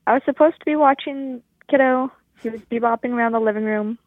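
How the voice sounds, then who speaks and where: A woman caller leaves a voicemail anecdote, sounding wry and grossed out as she laughs at herself. Her voice is fairly high. It comes through a tinny, phone-like line. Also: quick pace, dry recording.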